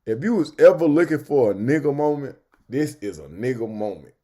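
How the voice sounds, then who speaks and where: A man's voice: mid-range voice, big pitch swings, a little fast, mellow. A man reacting to a video clip with laid-back commentary, drawn out and full of dry asides.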